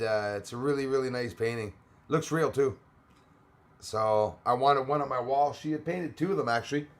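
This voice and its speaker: A man's voice: mid-range voice, fairly bright tone. A middle-aged man chats casually on a live stream. He reads viewer names and comments aloud and fills gaps with "uh" and "um". Now and then a small cough breaks in. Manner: chatty, reads out viewer comments, frequent fillers. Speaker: livestream host.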